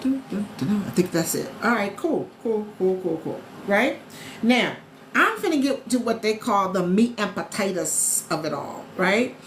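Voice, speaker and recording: A woman's voice: medium pitch, animated, a little slow, a little hiss or hum. A woman hosting a casual live stream, chatting upbeat with viewers, greeting followers by name and repeating her key points. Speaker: live stream host recruiting travel agents. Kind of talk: casual sales pitch on a social live stream. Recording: roomy echo with faint background ambience.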